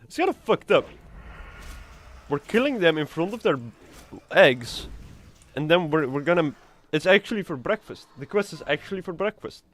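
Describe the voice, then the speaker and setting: A man's voice: on the high side, animated, normal speed, fairly bright tone. A man streaming a video game live, chatting and rambling casually and swearing freely. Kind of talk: casual live gameplay commentary.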